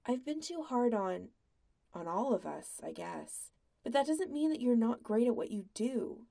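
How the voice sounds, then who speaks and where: Woman reading a kind, steady young guy, quiet and reassuring, dark mellow tone. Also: on the high side, unhurried, creaky, exaggerated voice. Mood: apologetic. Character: gentle, reassuring young man, a musician.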